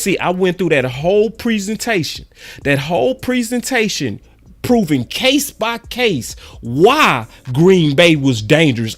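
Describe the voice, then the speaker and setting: A man hosting his own sports channel, delivering a slangy, emphatic fan monologue that repeats its points for weight. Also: sits high. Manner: emphatic and repetitive, slangy and preachy. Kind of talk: fired-up fan commentary monologue.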